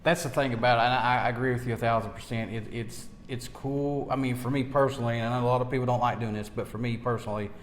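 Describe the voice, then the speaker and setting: A man tells his ghost-hunting stories with mounting excitement, tripping over repeated words. He is the interviewer in a casual chat. A long reverb trails behind his voice in the room. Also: medium pitch, fast, hardly any pauses, a little hiss or hum.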